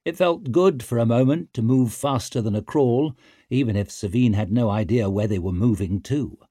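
A man narrating an audiobook in an expressive, dramatic storytelling manner. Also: mid-range voice, normal speed, husky, no room sound, clean studio sound. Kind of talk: scripted narration.

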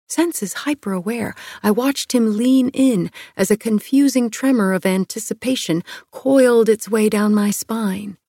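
A young woman reading a first-person romance novel aloud, softening her voice at the intimate moments. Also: medium pitch, steady tone, normal speed, hardly any pauses, no echo, clean studio sound. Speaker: audiobook narrator.

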